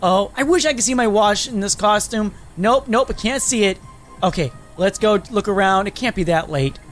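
A man's voice: high-pitched, moderate pace, faint music behind, natural voice. A man voicing a confused, anxious young man trapped in a fox costume, rambling in a Minecraft role-play. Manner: rambling, anxious, restarts a lot.

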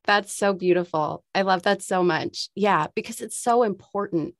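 A woman's voice: mid-range voice, moderate pace, no room sound, clean studio sound. A woman hosting a podcast interview, talking in an effusive, heartfelt way and laughing often. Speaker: podcast host. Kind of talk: conversational interview.

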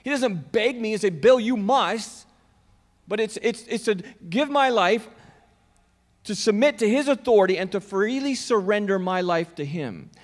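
High-voiced pastor preaching in a reverberant hall. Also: male voice. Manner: conversational, questions the congregation directly. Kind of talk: sermon. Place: church auditorium. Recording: long reverb of a church hall.

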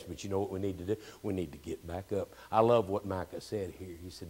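A man's voice: sits low, a little fast, hardly any pauses, slightly rough. Older man preaching with dramatic swells. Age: 60s. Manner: swings from hushed near-whispers to loud emphatic preaching; repeats phrases for emphasis. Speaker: pastor. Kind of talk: sermon. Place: church.

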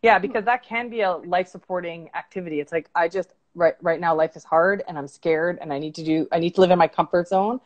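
Low-voiced woman life coach, reflective. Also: quick pace, hardly any pauses, lo-fi sound. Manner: reflective and candid, talks things through with many "like"s. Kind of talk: casual conversation on a livestream interview.

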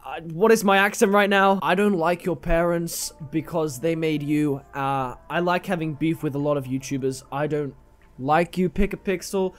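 A man impersonating a grumpy male YouTuber, speaking slowly in a strange put-on accent. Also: sits high, smooth. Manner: slow, deadpan, odd accent.

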